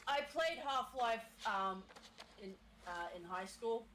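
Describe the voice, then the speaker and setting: A woman's voice: a little high, lively intonation, slow, noisy background. A woman joining a casual stream chat, playful and hesitant, with lots of fillers. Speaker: stream co-host.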